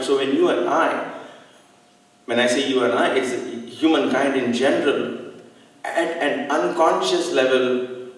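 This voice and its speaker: A man gives a reflective devotional talk, speaking earnestly with slow pauses. His voice reaches the mic from a distance and rings through a large hall with a long, heavy echo. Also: mid-range voice. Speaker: satsang speaker. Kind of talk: devotional talk with personal story.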